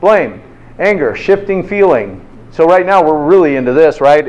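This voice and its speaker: Lively, animated male health talk host. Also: on the high side, normal speed, muffled recording. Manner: lively storyteller with rhetorical questions. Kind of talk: motivational talk to an audience.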